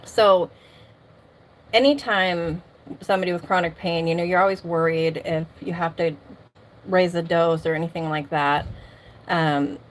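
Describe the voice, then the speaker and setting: This middle-aged woman's fairly low voice keeps a measured pace and fairly even intonation, broken by long pauses. As a livestream host chatting casually from home, she laughs often and greets viewers by name; her streaming mic picks up a little hiss or hum.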